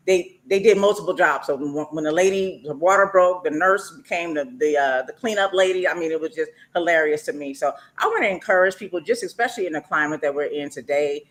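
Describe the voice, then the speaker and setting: A woman's voice: lowish voice, fairly bright tone. Chatty woman talk show host. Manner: chatty, many fillers and restarts. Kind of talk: casual talk show hosting.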